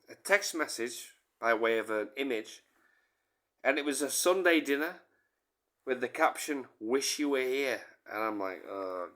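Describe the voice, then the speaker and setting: A man spins a long, rambling comic story, dropping casual swears and stumbling back over his own words. His voice sits a little high and sounds bright and forceful. He takes his time, unhurried. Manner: swears casually, repeats and corrects himself.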